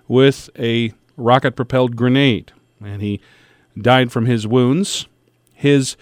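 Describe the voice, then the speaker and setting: A man hosting a radio talk show, introducing his guest and reading a statement in a measured, deliberate way with pauses. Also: mid-range voice, dry recording, clean studio sound. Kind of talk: scripted radio hosting and interviewing. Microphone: studio microphone.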